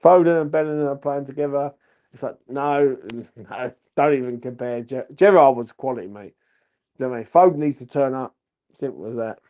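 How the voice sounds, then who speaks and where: A drunk man who hosts a football fan channel rambles and swears through a post-match reaction vlog, repeatedly saying "do you know what I mean." His voice is medium-pitched and brisk, and the recording sounds muffled.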